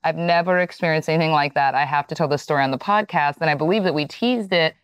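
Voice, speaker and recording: Frank low-voiced woman podcast host. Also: fast, clean tone, dry recording. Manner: chatty, teasing, frank. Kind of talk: casual podcast chat.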